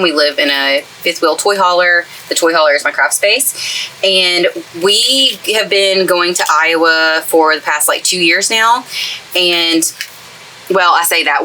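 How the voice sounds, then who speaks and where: In a toy hauler trailer's craft space, a craft YouTuber with a light East Texas accent works with her hands and gushes happily through a casual tutorial chat. Her voice is on the low side with a sharp tone, and the audio is poor.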